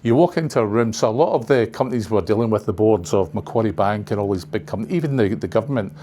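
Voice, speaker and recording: A man's voice: mid-range voice, a little mellow, slight background noise. An older man giving a casual, rambling presentation to a class of trainers in a training room, full of side remarks. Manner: rambling, chatty, full of asides.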